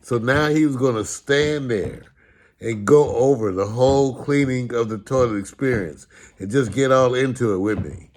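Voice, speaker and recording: A man telling humorous stories about his upbringing in a sarcastic, animated way, with casual swearing. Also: mid-range voice, normal speed. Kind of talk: humorous storytelling talk.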